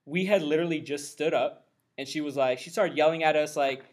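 A man hosting a casual podcast conversation, talking in a loose, rambling, animated way. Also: on the high side, fairly quick. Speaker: podcast host.

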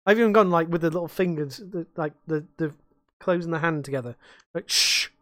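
A young man rants through a casual podcast chat, swearing freely. His voice sits fairly high, and the sound is close and dry. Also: a little fast, no room sound. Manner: sweary, ranting. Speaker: podcast co-host.

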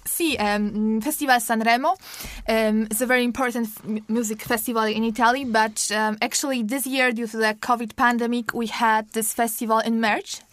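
A woman's voice: fairly high pitch, fairly even intonation, moderate pace, hardly any pauses. A woman co-hosting a casual podcast chat, talking with many ums and restarts. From Poland. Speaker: podcast co-host.

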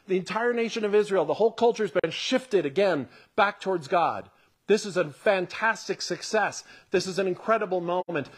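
A male preacher with a fairly high voice talks through a scripture passage in an earnest, conversational way. He leans into quiet, hushed emphasis and then builds back up with energy as he explains the story. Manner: earnest, drops to a hush for emphasis, then swells with excitement. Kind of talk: conversational sermon with scripture reading.

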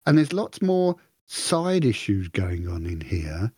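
A man's voice: on the low side, sing-song, slow pace, a little mellow, husky, no echo, clean studio sound. A man co-hosting a podcast in casual chat, rambling and self-mocking, acting out his own thoughts in quoted asides. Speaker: podcast co-host.

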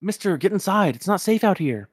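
A man's voice: high-pitched, fairly quick, breathy edge, no echo, studio quality, voice pushed up, full character voice. A man voicing an eager, earnest teenage boy hero. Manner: earnest, excitable.

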